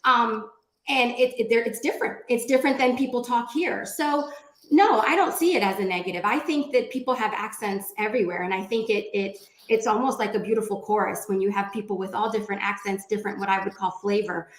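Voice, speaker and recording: A woman speaking as a panelist on a video call, animated and chatty, with lots of "like". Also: medium pitch, brisk. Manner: animated and chatty, many likes. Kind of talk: casual panel discussion. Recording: echoey room.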